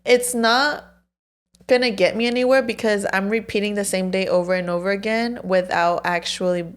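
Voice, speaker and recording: A woman's voice: medium pitch, steady tone, normal speed, clear, resonant tone. A woman in her twenties co-hosting a podcast, telling stories in a loose, swearing, filler-heavy way. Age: 20s. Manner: storytelling with frequent swearing and fillers. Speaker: podcast co-host. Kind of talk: casual chat.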